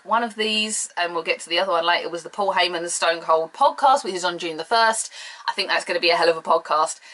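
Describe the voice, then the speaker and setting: A woman's voice: mid-range voice, bright, forceful tone, poor audio. A British woman from the UK giving a casual solo review, blunt, sarcastic and opinionated. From United Kingdom. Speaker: show reviewer.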